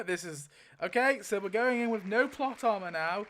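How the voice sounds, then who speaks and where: A man's voice: high voice, animated, normal speed, fairly bright tone. Chatty young man spinning a wheel. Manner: chatty and rambling, lots of filler and swearing. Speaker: video creator. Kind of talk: casual commentary while spinning a wheel.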